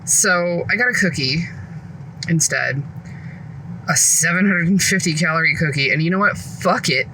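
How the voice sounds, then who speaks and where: A woman's voice: fairly low pitch, normal speed, bright, forceful tone, a little hiss or hum. A woman and mom venting her frustrations in a casual vlog from her car, swearing often, recorded on her phone. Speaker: vlogger and mom. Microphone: phone camera.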